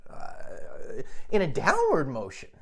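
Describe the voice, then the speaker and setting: A man hosting a comedy podcast, telling a rambling deadpan monologue in a halting, stammering way, full of restarts and "you know.". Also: fairly high pitch, slightly rough. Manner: deadpan absurd storytelling.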